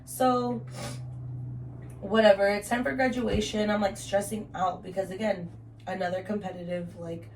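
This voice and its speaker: A woman's voice: medium pitch, fairly even intonation, brisk, a little hiss or hum. Chatty young woman, slightly distant mic. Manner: chatty, heavy use of "like", swears casually. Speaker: podcast host telling her story. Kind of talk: casual podcast chat.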